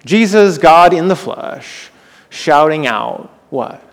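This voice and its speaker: A man's voice: a little high, animated, takes it slowly, creaky, in a large hall. A male pastor preaching a sermon, retelling scripture dramatically and asking the listeners rhetorical questions.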